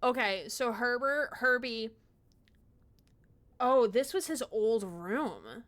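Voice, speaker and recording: A woman streaming a puzzle game, chatting casually, gushing excitedly and swearing now and then. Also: a little high, slow pace. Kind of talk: live-streamed gameplay chat.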